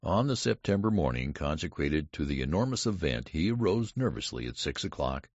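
A man narrating a classic story as an audiobook in an expressive, wide-ranging way. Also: a bass voice, brisk, no echo. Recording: dull lo-fi dry recording.

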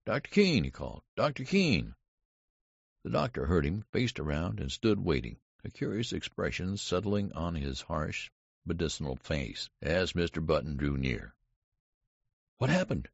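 Audiobook narrator, man, deep husky voice, dry dull lo-fi sound. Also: no room sound. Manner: expressive, wide-ranging storytelling.

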